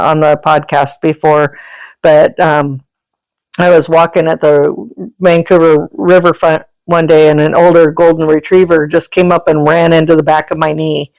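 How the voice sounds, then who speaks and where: In a casual storytelling conversation, a podcast guest shares animal stories, rambling and often laughing; she runs an animal sanctuary and is an energy healer. Her voice is deep with a darkish tone, captured in a dry, low-quality recording.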